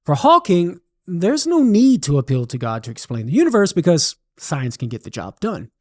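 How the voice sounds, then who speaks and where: Brief: Cajun man, radio apologetics host, animated and playful delivery. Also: high voice, moderate pace. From southern Louisiana. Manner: animated storyteller, jokes and laughs. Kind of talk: radio talk on religion.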